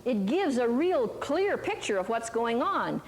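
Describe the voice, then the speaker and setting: A woman's voice: fairly high pitch, big pitch swings, unhurried, big-room sound. An older woman teaching a Christian ministry talk, telling stories in a chatty, folksy way with many asides and questions to her listeners. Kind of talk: sermon with storytelling. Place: hall before a live audience.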